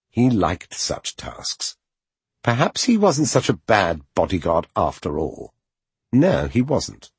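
Husky, low-voiced male audiobook narrator. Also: dry recording.

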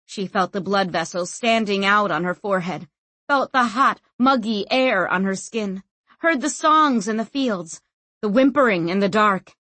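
A woman narrating a novel as an audiobook, expressive and acting out every figure. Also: mid-range voice, a little slow, no room sound. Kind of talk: scripted narration.

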